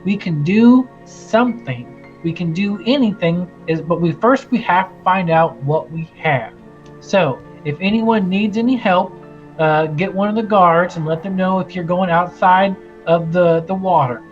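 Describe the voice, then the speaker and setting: A woman's voice: lowish voice, expressive, measured pace, muffled recording, faint music behind. A man voicing a stern female town guard captain who gives blunt, swearing orders to a frightened crowd. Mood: commanding.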